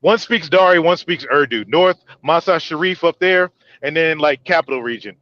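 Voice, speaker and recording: A man hosting a podcast, an animated, joking storyteller in casual banter. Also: a little high, normal speed, no echo, muffled recording. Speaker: podcast host.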